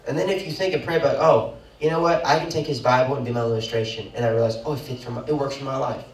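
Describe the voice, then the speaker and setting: Man preaching animatedly in a roomy church. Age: young adult. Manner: animated preaching with sudden loud high bursts and quick asides. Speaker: pastor. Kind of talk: sermon. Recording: roomy echo, mic at a distance.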